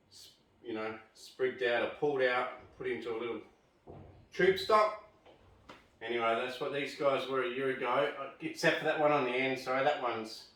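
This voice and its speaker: A man with an Australian accent chats loosely and pokes fun at himself as he works through his trees. His tone is bright and forward. The sound bounces around the room, and the mic sits some way off. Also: mid-range voice. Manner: chatty, rambling, self-mocking. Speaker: bonsai vlogger. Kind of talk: casual how-to vlog. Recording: echoey, mic at a distance.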